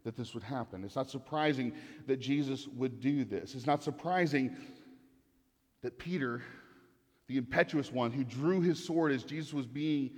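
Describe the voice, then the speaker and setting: A man's voice: medium pitch, normal speed, big-room sound. A man preaching a sermon, earnest and repeating phrases for emphasis. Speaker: pastor.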